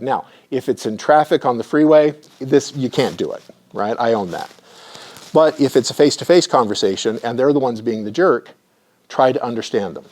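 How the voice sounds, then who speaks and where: A man's voice: mid-range voice, a little mellow. A middle-aged man, a clinical supervisor, giving a conversational lecture full of personal stories and often checking in with his audience.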